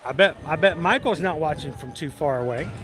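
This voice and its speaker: A man hosting a casual live stream from a theme park, chatting and reading out viewers' names and hometowns. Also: on the high side. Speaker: livestream host.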